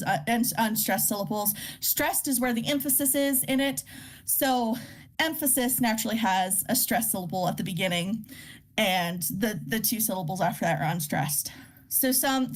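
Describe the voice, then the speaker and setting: A woman hosting a casual poetry workshop, explaining terms with many fillers and restarts and reading poems aloud. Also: fairly high pitch. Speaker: workshop host teaching poetry. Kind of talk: informal live lesson.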